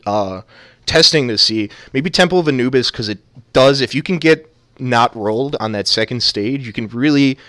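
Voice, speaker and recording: A man's voice: mid-range voice, fairly bright tone, no room sound, studio quality. A man casting an amateur esports match, talking casually and joking around with many fillers. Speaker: esports caster.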